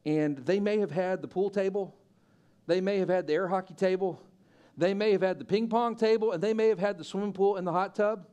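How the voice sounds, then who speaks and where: A man preaching a sermon as pastor, telling a story with lively acted-out quotes and loud peaks. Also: high-pitched, fairly quick. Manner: animated storyteller, acting out quoted voices and building to loud peaks. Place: church.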